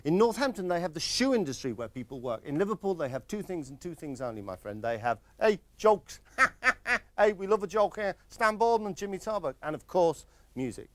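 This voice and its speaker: A man's voice: sits high, very animated, a little fast, dry recording. A man narrating a comic documentary in a wry, sarcastic way, breaking in on interviewees.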